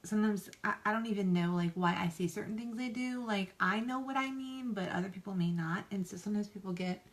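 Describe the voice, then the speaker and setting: A woman's voice: medium pitch, fairly quick, hardly any pauses. A woman chatting casually in a rambling, self-deprecating and folksy way while doing her makeup on camera. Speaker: makeup vlogger. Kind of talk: casual get-ready-with-me chat.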